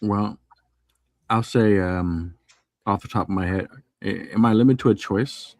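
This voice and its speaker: A man's voice: on the low side, a little slow, darkish tone, no echo, clean studio sound. A man, a jokey guest on a casual podcast chat. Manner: jokey, self-described wacky.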